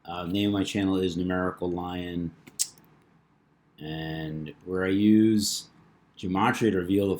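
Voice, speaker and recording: A man's voice: deep voice, darkish tone. A man hosting his own channel, reading out a news article and commenting in a rambling way, stumbling over words and using fillers. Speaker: channel host.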